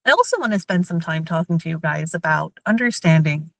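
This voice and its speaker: A woman and mother giving a lively workshop talk on emotional intelligence to parents and teachers. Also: sits low, a little fast, creaky, no echo, poor audio. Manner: lively, acts out everyday scenes in quoted voices.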